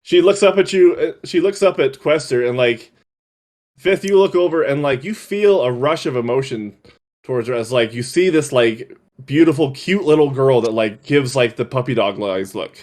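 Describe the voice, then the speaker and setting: A man's voice: medium pitch, animated, moderate pace, darkish tone. A man narrating as game master, rambling with many fillers.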